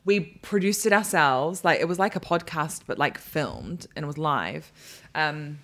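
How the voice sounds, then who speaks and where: A woman in her thirties with a New Zealand accent and a somewhat low voice. She chats casually, laughing often and restarting her sentences in a self-deprecating way. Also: expressive, unhurried, a bit bright. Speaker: comedian and guest host. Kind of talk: casual chat.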